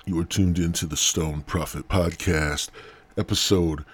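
A man's voice: low voice, steady tone, moderate pace, breathy edge. A middle-aged man hosting his own podcast, rambling through a crude, profane comedic monologue from home. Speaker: podcast host.

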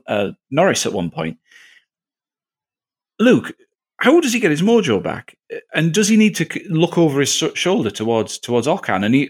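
A man hosting a casual panel discussion, moving the talk along with quick jokes. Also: medium pitch, husky. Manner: jokey, lively, moves the talk along. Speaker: podcast host.

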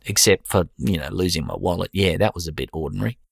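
Sheepish aussie husband, man reading him, laid-back slang, real deep voice. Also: quick pace, vocal fry, husky, no room sound, studio quality, heavily acted. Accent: Australian.

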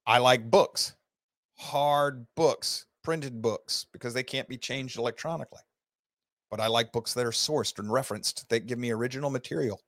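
A man's voice: medium pitch, moderate pace, a bit bright, no room sound. A man giving an earnest, rambling lecture to his class, with heated rhetorical questions. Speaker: teacher hosting an online class. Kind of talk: unscripted lecture to students.

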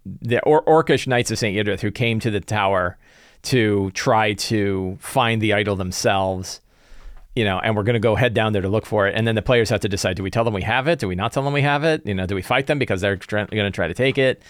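A man's voice: lowish voice, a little fast, dry recording, studio quality. A man who runs tabletop games, thinking aloud about his prep in a loose, conversational way. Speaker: game master. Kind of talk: casual solo game-prep talk.

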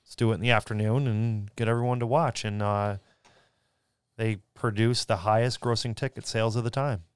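A man with a lowish, smooth and clear voice, chatting casually as a podcast co-host. He tells stories in a dry, relaxed way with lots of fillers. The sound is close and dry. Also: brisk, no echo. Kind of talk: casual chat.

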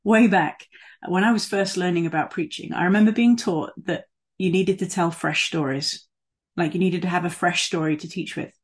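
Husky, low-voiced woman preaching casually. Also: moderate pace. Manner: conversational, with fillers and asides. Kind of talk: sermon.

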